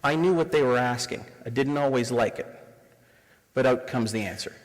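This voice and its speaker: A man in his forties from Canada, leading a workshop for a room of listeners. He keeps pulling them in with rhetorical questions, his mid-pitched voice carrying a long reverb from the hall. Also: moderate pace, slight background noise. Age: 40s. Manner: engaging, asks the audience rhetorical questions. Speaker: diversity workshop facilitator. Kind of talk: live presentation to an audience. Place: room with a live audience.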